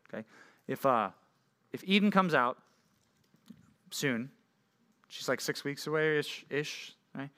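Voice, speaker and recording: Young guy youth pastor, kinda high bright voice, jokey, keeps saying right?. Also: expressive, a little slow, long pauses. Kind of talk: youth sermon.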